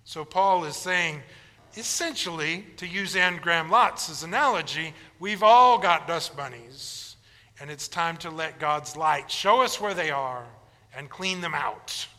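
Bright-voiced pastor preaching in a reverberant church. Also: male voice, a little high, lively intonation, a little slow. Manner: conversational storytelling, informal asides. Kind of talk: sermon.

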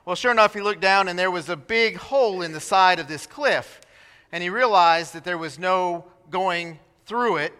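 A man preaching a sermon, telling a story in an animated way and acting out the voices of the people in it. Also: high-pitched, normal speed, clear, resonant tone. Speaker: pastor. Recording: reverberant hall.

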